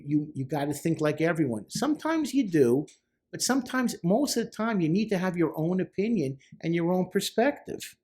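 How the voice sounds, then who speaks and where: Middle-aged male therapist, a touch high in pitch, talks emphatically and casually, hammering points home. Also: darkish tone. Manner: emphatic, repeats words for stress. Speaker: therapist reacting to song lyrics. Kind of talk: casual commentary.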